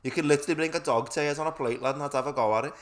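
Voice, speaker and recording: A man's voice: on the high side, very fast. A young man co-hosting a podcast in casual, sweary banter, calling everyone "lad". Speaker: podcast co-host. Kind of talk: casual chat.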